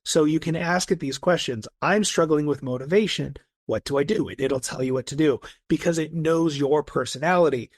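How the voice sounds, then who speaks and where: An enthusiastic man talks as a guest in a casual podcast conversation, piling up stories and restarting his thoughts. His voice sits a little high with a husky edge. The sound is close and dry. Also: normal speed, few pauses, no echo. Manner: eager, enthusiastic storyteller with many restarts. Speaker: guest, personality coach.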